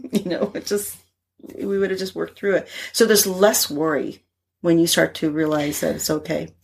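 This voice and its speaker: Lively middle-aged woman, slightly husky. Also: lowish voice, measured pace. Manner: animated storyteller, laughs often. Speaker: guest, integrative therapist. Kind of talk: casual conversation.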